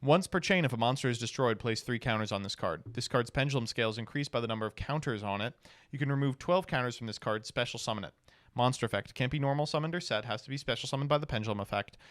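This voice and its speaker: Smooth-voiced man, wry streamer. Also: medium pitch, fairly bright tone, dry recording, studio quality. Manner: wry, sighing, reads rules quickly then reacts. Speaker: streamer reviewing card game cards. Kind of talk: casual stream commentary, reading card text aloud.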